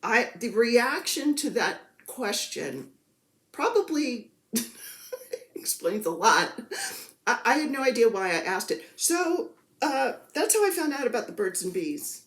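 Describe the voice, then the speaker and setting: A woman chats casually about her cross-stitch projects in a show-and-tell, rambling and poking fun at herself. Her fairly bright voice is on the high side, unhurried with big pitch swings, and the room sounds echoey.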